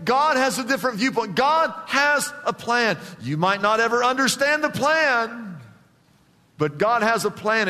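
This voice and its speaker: A man pastor preaching a sermon emphatically, with big swings in pitch and loudness, in a church. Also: big-room sound.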